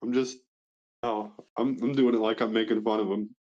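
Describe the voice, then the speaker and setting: A man's voice: fairly low pitch, flat delivery, moderate pace, mellow, lo-fi sound. A young man and father talking casually as a podcast guest, brash and boastful, swearing freely. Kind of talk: casual chat.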